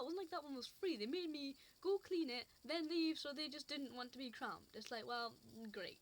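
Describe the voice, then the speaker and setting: Casual woman vlogger, slightly high voice, rambling, exasperated rant. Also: a little fast, few pauses, slight background noise.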